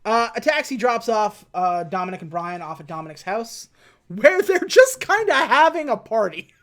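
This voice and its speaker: A man co-hosting a podcast, casually recapping a film, often laughing and acting out lines in quick voices. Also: sits high, very animated, a bit bright. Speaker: podcast co-host. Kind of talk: casual movie recap chat.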